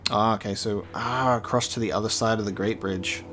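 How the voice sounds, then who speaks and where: A man's voice: fairly low pitch, steady tone, brisk, background noise. A man doing casual let's-play commentary, chatty and joking, swearing when surprised. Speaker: gaming video host.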